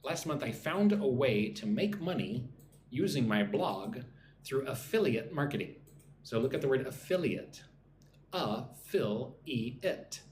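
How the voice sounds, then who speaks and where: A man's voice: medium pitch, very animated, normal speed, a little mellow, echoey room, slight background noise. A man teaching English on a live stream, reading chat comments and drilling pronunciation.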